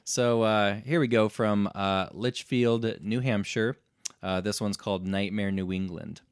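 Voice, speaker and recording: A man's voice: on the low side, fairly even intonation, a little slow, clean tone, no echo, studio quality. A man hosting a casual podcast chat, reading haunted house listings aloud and joking about them. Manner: reads aloud, then jokes and laughs. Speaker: podcast host.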